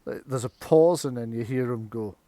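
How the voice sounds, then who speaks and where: A man's voice: medium pitch, moderate pace, warm tone, no room sound. A man narrating a tabletop game as game master, playful and often chuckling.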